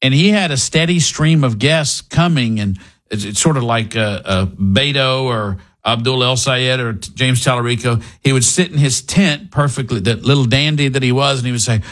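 A man delivering political commentary in a sarcastic, opinionated voice. He speaks in a mid-range pitch. He often pauses with fillers as he builds his points. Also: a bit bright. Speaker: host.

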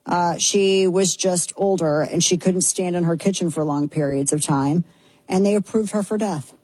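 A woman talk radio host with a low, mellow, slightly husky voice. She runs an indignant, sarcastic monologue, full of disbelief. The sound is close and dry. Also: moderate pace, no room sound, rough recording.

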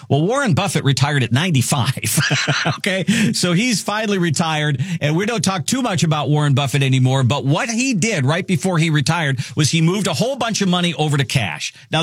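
A male radio host leads a finance talk show in a lively, bouncing voice. He sounds upbeat and salesy, and the recording is dry and close. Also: mid-range voice, dry recording. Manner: upbeat, salesy, repeats key phrases.

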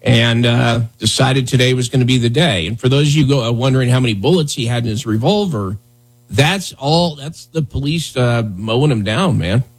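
A man hosts a morning radio show, giving casual, loose commentary that's sarcastic and rambling, full of fillers. His voice is mid-range and husky, at normal speed.

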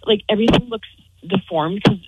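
A woman's voice: mid-range voice, a little fast, heavy background noise. A woman calling in to a radio show, telling an embarrassing story with lots of laughter. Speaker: caller.

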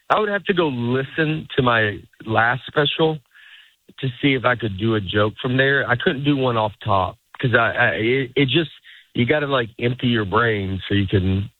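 A middle-aged man talks casually as a comedian guest on a radio show, rambling and restarting his sentences as he acts out what others say. His voice comes through thin and phone-like, with a dry, close sound and no room echo. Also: medium pitch. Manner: rambling, self-interrupting, acts out quotes. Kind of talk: casual interview chat.

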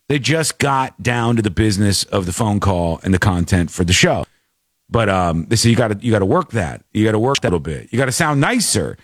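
Lively male talk radio host, dry close mic, casual banter with impressions. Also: fairly low pitch, a little fast, dry recording. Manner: animated, mimics voices while telling stories.

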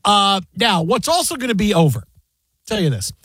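A man hosting a sports radio show, telling stories in a casual, animated way and breaking into loud sung and shouted bits. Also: sits high, normal speed, slightly rough, no echo. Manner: animated storyteller, loud sing-song impressions.

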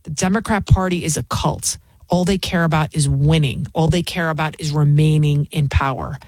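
A woman hosting a show, giving opinionated political commentary in an emphatic, indignant way with rapid rhetorical questions. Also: deep voice, fairly even intonation, a little mellow, no echo. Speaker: fill-in host.

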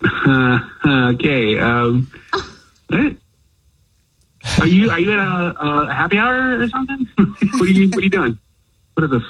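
A man's voice: sits high, sing-song, measured pace, long pauses, a bit bright, slightly rough. A man on a phone call who stammers and restarts his sentences, confused by the caller. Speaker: phone prank target.

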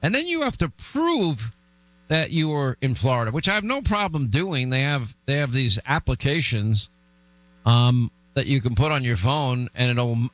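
A man's voice: medium pitch, no room sound, poor audio. A man hosting a political talk show, telling stories bluntly with lots of restarts. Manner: blunt, animated storytelling with restarts.

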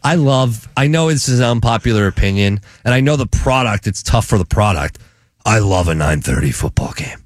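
A man hosting a sports betting show, talking picks in a chatty, enthusiastic way with halting restarts. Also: fairly low pitch, expressive, no room sound, clean studio sound. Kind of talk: casual sports betting chat.

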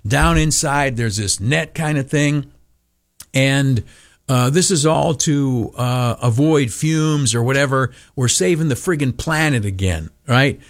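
A man's voice: medium pitch, a little slow, no echo, studio quality. A man from the United States hosting radio talk, complaining in a cranky, sarcastic rant with plenty of fillers. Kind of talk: ranting monologue.

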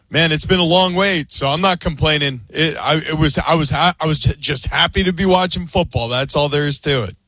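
A man with a fairly high, bright voice co-hosts a sports radio show. He talks casually and stumbles into frequent restarts. The sound is dry and close. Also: dry recording.

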